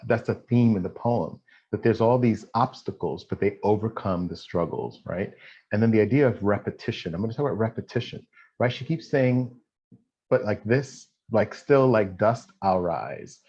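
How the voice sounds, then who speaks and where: A man teaching a writing class online, who talks conversationally, keeps checking in with his students, and reads poetry aloud with slow, dramatic pauses. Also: lowish voice. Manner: conversational, checks in with "right?" often. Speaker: college writing instructor. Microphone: video call. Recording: dull lo-fi video call audio.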